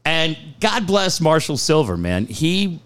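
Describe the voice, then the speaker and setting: A man's voice: fairly high pitch, takes it slowly, smooth. A man hosting a casual radio chat, telling stories animatedly, swearing freely and acting out quotes. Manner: animated storyteller, acts out quotes. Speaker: radio show host.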